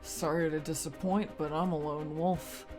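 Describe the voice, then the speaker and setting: A woman's voice: deep voice, fairly even intonation, moderate pace, a little mellow, soft background music, lightly acted. Woman reading a wisecracking lone-wolf detective. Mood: dry. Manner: dry, wisecracking, defiant. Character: tough male detective, lone wolf father. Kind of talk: reading game dialogue aloud.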